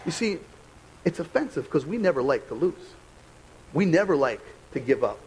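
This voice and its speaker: A young American man delivers a sermon in a chatty, conversational way, tossing out rhetorical questions. His voice sits slightly high and moves with lively swings of pitch. A faint hum of ambience lies behind him. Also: normal speed, poor audio. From United States. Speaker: pastor.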